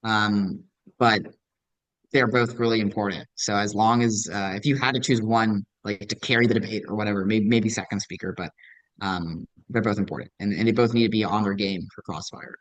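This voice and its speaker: A man's voice: fairly low pitch, fairly even intonation, moderate pace, no room sound, low-quality recording. Casual young man coaching debate. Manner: casual and conversational, many ums and likes; patient and encouraging. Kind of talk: recorded lecture with audience questions.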